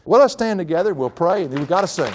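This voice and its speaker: A middle-aged man preaching a folksy sermon before a live audience, telling a family story and laughing often, his voice climbing high when excited. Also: fast, a crowd in the background, background noise.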